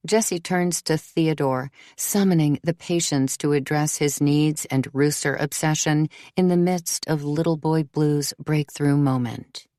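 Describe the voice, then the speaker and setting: A woman with a low-pitched voice narrates an audiobook from a script in a measured, even storytelling manner. The recording is dry and of studio quality.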